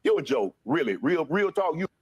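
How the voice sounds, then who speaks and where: Husky, high-voiced man mocking a rant. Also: very animated, moderate pace, a little mellow, dull audio. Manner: incredulous, mocking. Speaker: commentary host. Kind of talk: reaction commentary.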